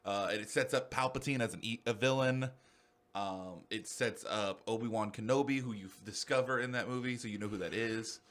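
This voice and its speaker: A young man co-hosting a podcast in casual chat, rambling excitably and swearing freely. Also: lowish voice, brisk. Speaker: podcast co-host.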